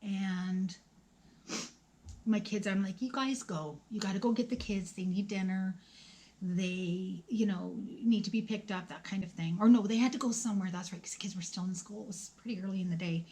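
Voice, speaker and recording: A woman's voice: medium pitch, fairly even intonation, moderate pace, darkish tone. Woman in her forties telling a personal story. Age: 40s. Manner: conversational, emotional, acts out dialogue, drops to whispers. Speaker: vlogger.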